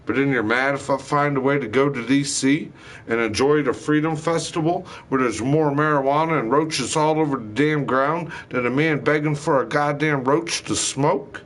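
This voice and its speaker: A man's voice: medium pitch, moderate pace, fairly bright tone. A man delivering a rambling, angry monologue, swearing heavily and hurling accusations. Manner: heated, profane, accusatory ranting.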